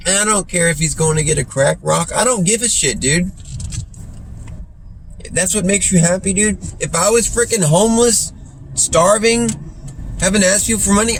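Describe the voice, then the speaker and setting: A man's voice: high-pitched, a bit bright, a little hiss or hum. A man telling stories in a casual, rambling way, full of slang like "dude" and "freaking". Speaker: streamer.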